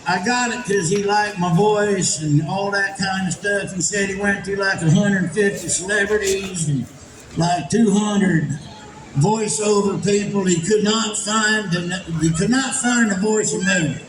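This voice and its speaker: A man doing stand-up with a drawling, folksy manner and a fairly high voice. He is picked up by a stage mic in an echoey venue, with steady noise behind him. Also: unhurried. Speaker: stand-up comedian. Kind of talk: live stand-up storytelling. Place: large indoor event venue.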